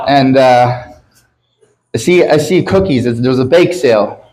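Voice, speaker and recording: A man's voice: mid-range voice, animated, slow, darkish tone, low-quality recording. A man from Canada doing a stand-up comedy set, crude and self-mocking, swearing often as he jokes about his city and his sobriety. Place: comedy club stage with a live audience.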